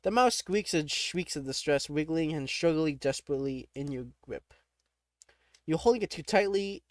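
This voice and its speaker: Reading a text adventure's prose aloud, this man reacts casually, laughing a lot and cutting himself off with startled outbursts. His fairly high voice is expressive and moderately paced, recorded dry at studio quality.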